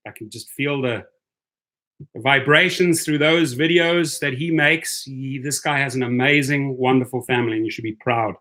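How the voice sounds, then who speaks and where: Bright-voiced South African-accented man livestreaming. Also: medium pitch, normal speed. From born in the United States, raised in Europe and South Africa. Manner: chatty, upbeat, greets viewers by name, sings snatches of songs. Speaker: livestream host reading viewer comments. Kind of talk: casual live-stream chat.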